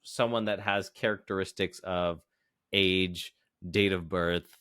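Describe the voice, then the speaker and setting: A man's voice: low-pitched, fairly even intonation, slow, pushed and bright, clear, resonant tone, no room sound, studio quality. A man co-hosting a podcast, explaining ideas patiently in a casual chat, often checking in with "right?" and "you know". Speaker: podcast co-host.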